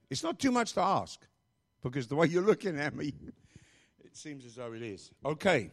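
A man's voice: on the high side, very animated, moderate pace, long pauses. A male pastor preaching a sermon, emphatic and repeating phrases, with rambling asides.

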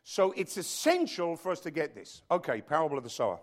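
A man preaching a sermon as pastor, animated and joking, with frequent asides to his congregation. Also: on the high side, brisk.

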